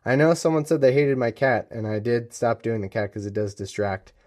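A man talks loosely at home as the host of his own podcast. He rambles and jokes, breaking off mid-sentence to restart. His voice sits at an ordinary middle pitch. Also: a little fast, darkish tone. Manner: rambling, joking, self-interrupting. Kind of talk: casual livestream chat. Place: home room.

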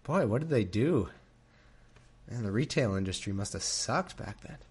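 A man's voice: on the low side, lively intonation, normal speed, slightly rough. A man reading scripture aloud into a desk microphone, breaking off often for laughing, mocking asides. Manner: sardonic, laughing, frequent asides. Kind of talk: irreverent commentary on a reading.

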